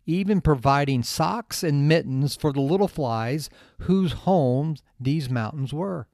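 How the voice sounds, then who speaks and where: A man hosting a podcast, giving a motivational talk with lively storytelling that swings between loud emphasis and hushed asides. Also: on the high side, takes it slowly, no room sound, studio quality. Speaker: podcast host.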